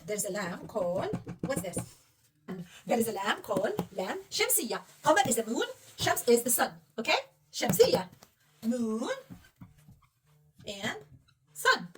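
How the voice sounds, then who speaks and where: Patient high-voiced woman teaching reading. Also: distant mic, slight background noise. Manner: patient, coaxing, asks many questions. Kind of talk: one-on-one reading lesson.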